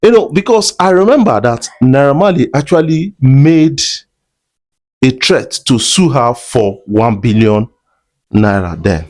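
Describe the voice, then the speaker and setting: A Nigerian man talks straight to his audience in a loose mix of Pidgin and English. His voice is mid-pitched but very lively, rising and falling a lot as he makes his points. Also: measured pace. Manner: chatty, speaks directly to viewers in Pidgin-laced English. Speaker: entertainment blogger. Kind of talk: commentary vlog.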